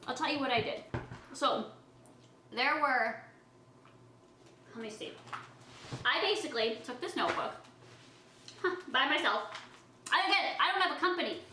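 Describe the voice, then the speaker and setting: A woman's voice: high voice, animated, normal speed, long pauses, bright, forceful tone, reverberant, slight background noise, rough recording. A young woman vlogger chatting casually while eating, talking in a defensive, emotional way. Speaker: beauty vlogger. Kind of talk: casual eating-show vlog talk.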